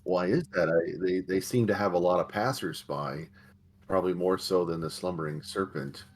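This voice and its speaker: A man's voice: low voice, moderate pace. A man playing a tabletop game, talking hesitantly with many fillers. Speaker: player. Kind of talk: casual tabletop role-play.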